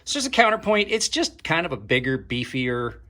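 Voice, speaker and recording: A man's voice: a little high, very animated, normal speed, sharp tone, slight background noise. A man hosting a casual knife unboxing vlog, talking to his viewers as he opens packages, thinking aloud and trailing off mid-sentence, with dry sarcastic asides. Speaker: knife reviewer and channel host.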